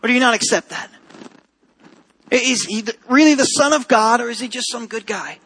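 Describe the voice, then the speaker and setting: A man's voice: very high voice, normal speed, bright, forceful tone, slightly rough, rough recording. A man preaching a sermon to a church congregation, earnest and repeating key phrases for emphasis. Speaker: pastor.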